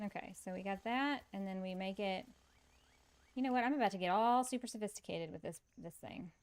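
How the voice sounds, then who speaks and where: A woman's voice: mid-range voice, brisk, smooth. Woman streaming a cozy game, chatty and giggly, talking to chat. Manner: chatty, laughs often, reads and answers chat. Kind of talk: casual gaming stream chat.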